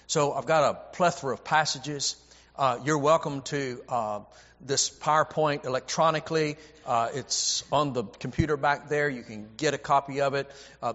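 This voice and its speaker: In dull audio drenched in long hall reverb, a man who preaches and teaches the Bible delivers a sermon. His voice is medium-pitched and a bit bright, and he is emphatic and repetitive, often stammering to restart a phrase.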